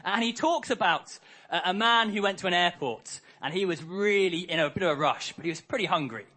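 A man's voice: high-pitched, fairly quick, sharp tone. A man preaching a harvest sermon, telling a story and acting out the characters' lines.

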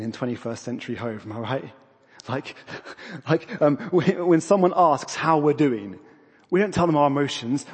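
A man, his voice husky and a touch higher than most men's. He talks in a loose, self-deprecating way, and his words ring with a long reverb through the church. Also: darkish tone. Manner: conversational, self-deprecating, with acted asides. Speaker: preacher. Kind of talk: sermon.

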